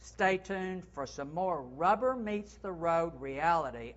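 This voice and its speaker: A man who is a retail consultant, hosting a segment with sales tips in a playful, animated way. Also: a little high, measured pace, few pauses, highs cut off. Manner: playful, animated, acts out sample phrases. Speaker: segment host.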